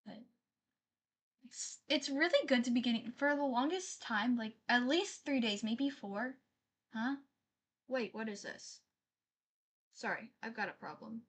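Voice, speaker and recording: Woman streaming live, kinda high voice, chatty and apologetic, reads chat out loud. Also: unhurried, pauses often, breathy edge.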